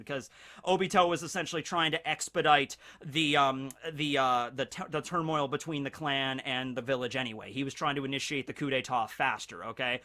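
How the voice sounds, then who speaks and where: Bright-voiced excitable male anime commentator. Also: medium pitch, brisk. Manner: excitable, rambling, many fillers. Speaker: anime channel host. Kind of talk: casual anime discussion.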